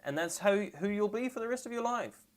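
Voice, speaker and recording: A trans woman streaming live and reacting to memes, rambling and sarcastic with deadpan asides, and tired. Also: mid-range voice, a little fast.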